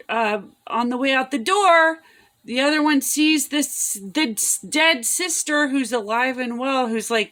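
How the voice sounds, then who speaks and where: A woman's voice: medium pitch, fairly bright tone. A woman reviewing a film in a casual, rambling plot recap, full of fillers and restarts. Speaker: movie reviewer.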